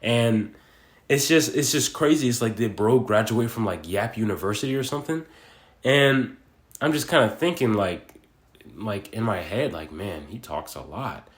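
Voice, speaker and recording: A man's voice: mid-range voice, expressive, normal speed, echoey room. A young man in his twenties talking in a casual, rambling monologue, full of slang and fillers. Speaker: vlogger.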